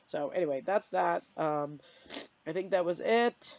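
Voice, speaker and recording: A middle-aged woman venting candidly in a personal vlog, tearful and self-deprecating, with sudden high-pitched outbursts. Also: measured pace, darkish tone, no echo. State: tearful, blowing her nose. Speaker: vlogger. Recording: dry, dull lo-fi sound.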